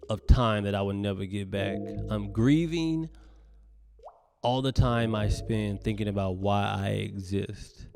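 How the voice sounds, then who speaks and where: Against a noisy background, a US comedian rants on his solo podcast in a lowish voice. It's profane and emphatic, flipping between loud bursts and quiet asides.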